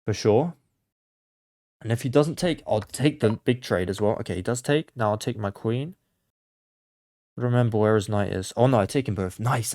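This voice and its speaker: A chess content creator plays blindfold chess for his channel, talking through it in a medium-pitched voice. He mutters moves to himself and lurches from quiet focus to flustered panic when he loses track of the board. The recording is studio quality with no room sound.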